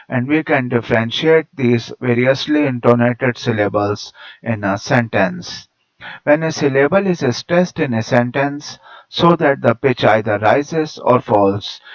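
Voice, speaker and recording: Guy reading out a lesson like a teacher, mid pitch, kinda muffled lo-fi audio. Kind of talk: read-aloud lecture narration. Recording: dull lo-fi recording.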